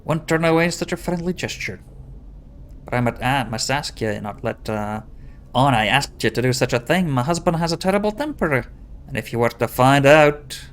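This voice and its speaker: A man's voice: mid-range voice, lively intonation, normal speed, a bit bright, lightly acted. A man voicing a wary, worried wife of a hot-tempered husband, in a put-on fake Scottish accent. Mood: pleading. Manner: hesitant, wary.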